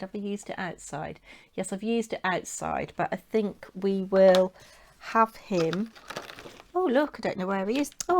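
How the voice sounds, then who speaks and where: Hosting a papercraft tutorial, a woman talks in a mid-range voice with slight background noise behind her. Her tone is chatty and casual, and she mutters to herself while she works.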